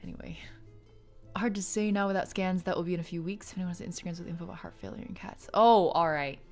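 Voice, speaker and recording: A woman's voice: fairly low pitch, quick pace, a little mellow, faint music behind. A young woman streaming a game playthrough, chatting with her viewers and giggling often as she reads aloud. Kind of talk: live game playthrough chat.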